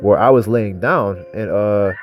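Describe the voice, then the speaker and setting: Young male street preacher, lowish voice, loose and profane, faint music underneath. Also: unhurried. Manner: rambling, profane, street talk with constant "man". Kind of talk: informal religious teaching.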